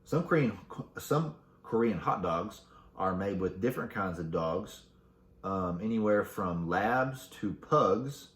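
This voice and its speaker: A man with a fairly low voice runs a casual solo podcast, reading out facts and throwing in crude jokes. His voice bounces around an echoey room. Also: lively intonation, takes it slowly. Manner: crude joking while reading facts aloud. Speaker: podcast host.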